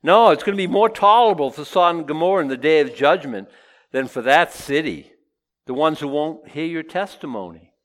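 Lively joking male preacher. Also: on the high side, brisk. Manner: lively, joking, voices imagined objectors. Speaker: pastor. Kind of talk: sermon with verse-by-verse teaching.

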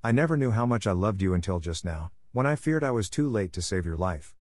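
This is the fairy-tale heroine Beauty, young and kind, speaking earnestly and with feeling, voiced by a male storyteller. The voice sits low and the sound is dry and close. It reads as a gentle audiobook part. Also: expressive, fairly quick, dry recording. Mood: emotional. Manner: earnest, emotional. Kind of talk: audiobook reading.

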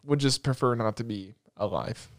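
A man's voice: medium pitch, normal speed, dry recording, studio quality. A man co-hosting a casual podcast chat, rambling and joking, swearing freely. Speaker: podcast co-host.

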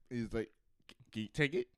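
A man co-hosting a comedy podcast tells a story with character voices, acting out both sides of each scene and laughing often. His medium-pitched voice is a bit bright, and the recording has no echo.

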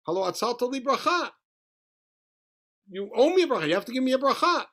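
A man's voice: very high-pitched, sing-song, fairly quick, fairly bright tone, voice pushed up, exaggerated voice. A man voicing a grown son who pleads with his father like a pouting kid, in a childish whine. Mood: pleading.

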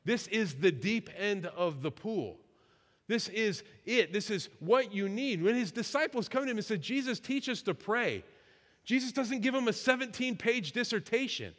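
A male pastor with a high voice gives a casual, self-deprecating sermon. He slows down and leans on key phrases. The voice carries a long reverb from a church hall. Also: fairly bright tone. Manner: conversational and self-deprecating, with slow emphatic pauses. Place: church sanctuary.

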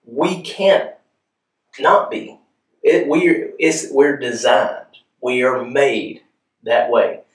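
A man's voice: mid-range voice, lively intonation, very slow, long pauses. Guy giving a chatty sermon, kinda far from the mic, roomy echo. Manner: conversational, asks the room for agreement often. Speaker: pastor. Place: church hall. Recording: echoey room, voice from off-mic.

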